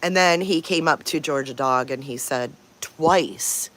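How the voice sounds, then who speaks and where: A livestream host in easy morning chat, with a voice of middling pitch. The talk rambles from story to story and stops often to greet viewers by name. Every now and then the host breaks off to coo at pet dogs. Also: animated, moderate pace, fairly bright tone. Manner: chatty, greets viewers by name between stories.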